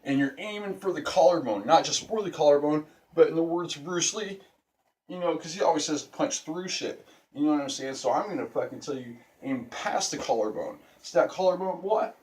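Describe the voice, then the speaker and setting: A man's voice: on the high side, a little fast, darkish tone. A young man casually teaching a stick-fighting move in a video lesson, talking brash and profane. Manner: profane, brash street talk. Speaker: self-defense instructor.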